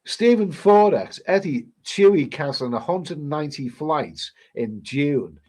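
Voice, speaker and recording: A man's voice: fairly high pitch, expressive, a little slow, darkish tone. A man with a cold, rambling casually as a travel vlogger reading out viewer comments, with many restarts. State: stuffy with a cold. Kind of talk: casual live-stream chat.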